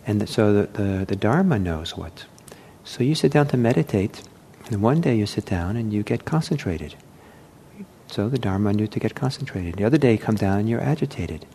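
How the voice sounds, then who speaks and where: A man teaching meditation in a gentle, unhurried way, with many pauses, fillers and restarts. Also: fairly low pitch, lively intonation, a little hiss or hum. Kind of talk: dharma talk.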